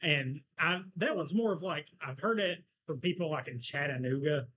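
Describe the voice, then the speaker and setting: A man's voice: a little high, normal speed, fairly bright tone, breathy edge. A man with a thick Tennessee Southern accent, chatting casually as a podcast guest in an easygoing, hesitant way. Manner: easygoing, hesitant, lots of fillers. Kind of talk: casual chat.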